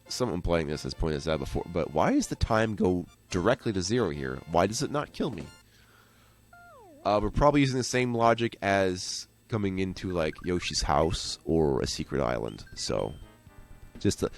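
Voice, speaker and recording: A man's voice: deep voice, a bit bright. A man giving casual, rambling gameplay commentary as a let's play host, joking and going off on tangents.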